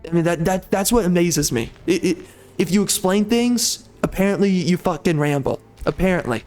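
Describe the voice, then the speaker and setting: A man's voice: high voice, lively intonation, moderate pace, darkish tone, soft background music. A man hosting a gaming channel, ranting angrily and profanely over gameplay, agitated and repeating himself as he stumbles over words. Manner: angry, profane, stammering repetitions. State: agitated, seething.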